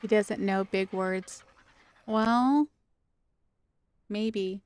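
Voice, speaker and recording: A woman's voice: medium pitch, very slow, darkish tone, smooth. A woman streaming a video game, chatting casually and playfully with her viewers and laughing often. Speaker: gaming streamer.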